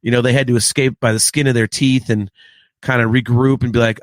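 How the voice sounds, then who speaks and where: A man hosting a casual podcast chat, talking in an excitable, profane, ranting way. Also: medium pitch, brisk, no room sound. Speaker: podcast host.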